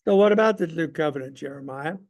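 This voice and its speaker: His voice is gravelly, a little high, slightly raised and darkish in tone as he leads a Sunday school lesson at a fast clip. He speaks with emphasis in a conversational style, often breaking off to quiz his class.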